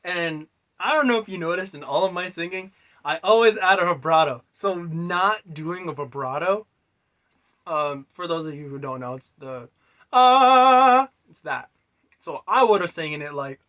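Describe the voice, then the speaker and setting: A man casually explaining how he made his own song, rambling loosely with many fillers and quiet trailing asides. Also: on the high side, animated, moderate pace. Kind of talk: casual music breakdown.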